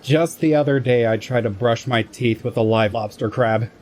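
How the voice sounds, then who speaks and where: A man with a mid-range voice plays a tabletop game in a dry, deadpan manner. Faint noise sits under his voice. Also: mid-range voice, normal speed. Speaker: player.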